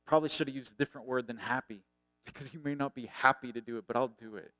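A middle-aged man preaching a sermon earnestly, raising his voice and then dropping to a hush. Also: mid-range voice, fast, no room sound. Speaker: pastor.

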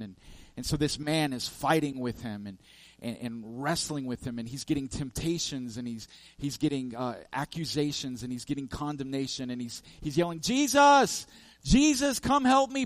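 A man's voice: medium pitch, moderate pace, hardly any pauses, no room sound. A man preaching a sermon, telling a parable with emphatic, repetitive lists and frequent restarts. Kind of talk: sermon storytelling.

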